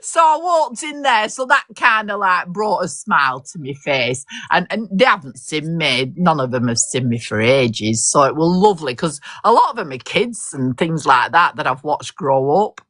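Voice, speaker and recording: A woman's voice: low voice, sing-song, normal speed, few pauses, a bit bright, no echo, clean studio sound. An older woman, telling a long story in casual chat, swearing mildly and laughing often. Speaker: host.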